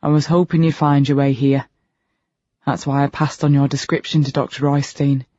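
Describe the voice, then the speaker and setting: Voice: medium pitch, little pitch movement, moderate pace, mellow, no echo, natural voice. A narrator voicing a compassionate male counsellor who speaks reassuringly. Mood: friendly. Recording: dull lo-fi recording.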